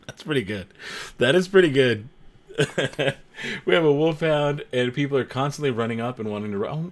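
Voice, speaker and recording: A livestream host with a sing-song, fairly bright mid-range voice talks a little slowly as he chats with viewers and reads out their comments. He jokes, laughs often and repeats himself.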